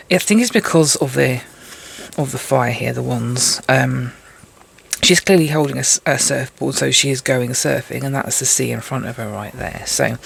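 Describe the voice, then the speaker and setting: Lady doing a casual tarot ramble, kinda gravelly, jokey little asides. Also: very deep voice, a bit bright. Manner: chatty, rambling, self-mocking asides. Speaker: tarot reader. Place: indoors at a table with cards.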